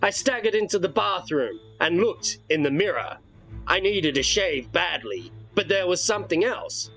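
A man's voice: high-pitched, animated, normal speed, fairly bright tone, faint music behind, low-quality recording. A man reading a horror storybook aloud in dramatic first-person narration.

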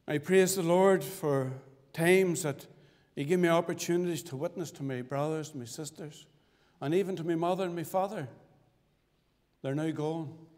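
A man from Northern Ireland giving his testimony as a sermon, with fervent preaching that swings sharply between loud and hushed. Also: fairly high pitch. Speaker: testimony speaker at a church. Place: church hall. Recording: church recording with long reverb.

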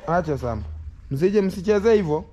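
A man's voice: sits high, animated, normal speed, background noise. A man talking casually to camera in broken English and coaxing his young children, in a home family vlog. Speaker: vlogger.

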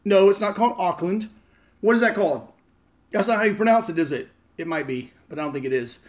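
Opening fan mail live from his home in Las Vegas, the man rambles and cracks jokes in a profane, casual way. He talks fast, and his high voice is expressive.

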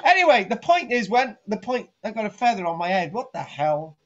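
Man, high-pitched, rambling live-stream lesson, teasing, restarts sentences, dull lo-fi audio. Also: very animated, fairly quick, fairly bright tone. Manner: jokey, rambling, restarts sentences, teases his co-host. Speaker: archaeologist and live-stream presenter.

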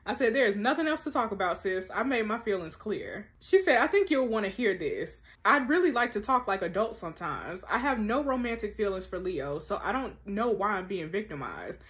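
A woman hosting her channel, reading a text-message story game aloud and breaking in with sassy, animated, slangy asides. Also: mid-range voice. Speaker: host.

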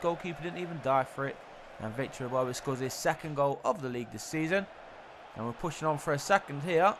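A young man commentating his own football video game in the style of a sportscaster, getting loud and excited at the goals. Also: fairly high pitch, a little hiss or hum. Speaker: gaming YouTuber.

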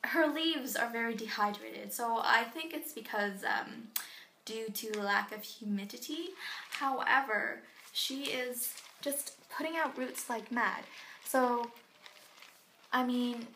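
Woman, young adult, from Canada, casual chat, unhurried, fairly high voice, slight background noise. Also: pushed and bright, echoey room. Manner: chatty, self-mocking, filler-heavy. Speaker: plant vlogger. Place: home bathroom.

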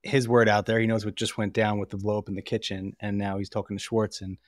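A man co-hosting a casual podcast beside his wife, talking through a reality show in a measured, reasoned way and often saying "you know". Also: on the low side, level tone, dry recording, clean studio sound. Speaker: guest co-host, husband of the host. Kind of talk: casual reality-TV recap chat.

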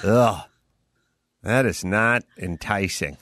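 A man's voice: on the low side, takes it slowly, fairly bright tone, no echo, clean studio sound. A man hosting a podcast, riffing sarcastically in casual banter with his co-hosts. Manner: sarcastic, rambling riffing rant. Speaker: podcast host.

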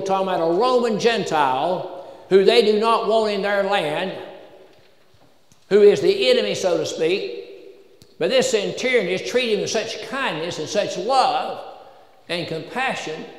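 A man with a Southern American accent preaching a sermon in a church, folksy and joking at times, building to emphatic peaks. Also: high voice. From Southern United States. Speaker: pastor. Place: church sanctuary. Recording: echoey church hall with long reverb.

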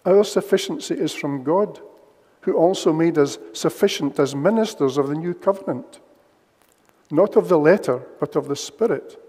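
Male preacher, slightly higher voice, measured and emphatic, church livestream with long reverb. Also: a little mellow, slightly rough. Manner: measured, emphatic, repeats key phrases. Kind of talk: sermon.

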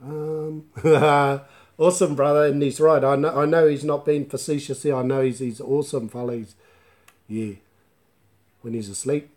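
A man's voice: medium pitch, moderate pace. Easygoing New man teaching Māori. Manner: mixes Māori words into relaxed chatty English; laughs easily and jokes with viewers. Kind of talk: live online language class.

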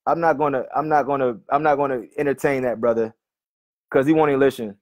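A male preacher arguing with a commenter online, often calling him brother and reading scripture slowly and repeatedly. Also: mid-range voice, steady tone, darkish tone. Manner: argumentative, keeps addressing "brother", reads verses slowly and repeats them.

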